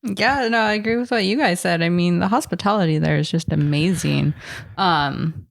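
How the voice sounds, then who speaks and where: Female guest, lowish voice, easygoing chatty delivery. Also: normal speed, gravelly. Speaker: podcast guest. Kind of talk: casual chat.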